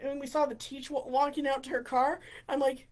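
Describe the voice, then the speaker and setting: A woman vlogger telling funny stories in an excitable, rambling way, giggling and restarting often. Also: high-pitched, fairly quick. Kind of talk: casual storytelling.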